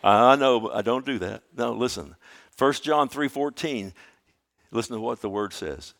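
A man preaching a sermon as pastor in a church, animated, asking rhetorical questions and swinging between loud emphasis and quiet asides. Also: medium pitch, normal speed, vocal fry.

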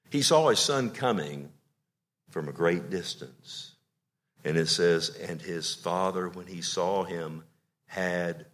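A middle-aged male pastor preaching a sermon with emotion, swinging from loud declarations to hushed, tender lines. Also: low-pitched.

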